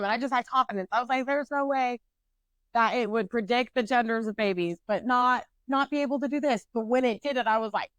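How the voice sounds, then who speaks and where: A woman in her twenties co-hosting a podcast, telling a story in casual, animated chat and swearing freely. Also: a little high, normal speed, no room sound. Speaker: podcast co-host.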